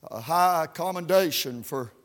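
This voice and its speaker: A man preaching a revival sermon in a Baptist church, fervent and peppered with "uh, uh" as he builds toward shouts. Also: fairly high pitch, animated, measured pace.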